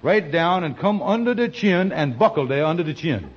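An actor playing a scheming, smooth-talking con man in 1940s radio acting, on a muffled old radio broadcast. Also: fairly high pitch, big pitch swings, normal speed, a little hiss or hum.

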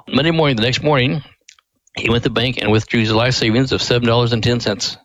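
A man's voice: medium pitch, steady tone, quick pace, a bit bright, no room sound, poor audio. Folksy older male storyteller on radio. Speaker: ministry president, guest. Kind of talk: storytelling interview.

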